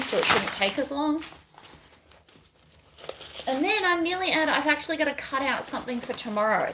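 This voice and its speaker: Sewing a bag live, a woman who designs bag patterns reads out viewer comments and wanders off topic between steps in a relaxed crafting chat. She has a medium-pitched, fairly bright voice, and there's a little hiss or hum.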